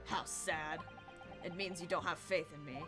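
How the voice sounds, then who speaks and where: A woman's voice: deep voice, steady tone, unhurried, music in the background, pitched below the performer's own voice. Woman doing a cool young British lawyer. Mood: confident. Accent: put-on British. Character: young male defense lawyer, proud and protective.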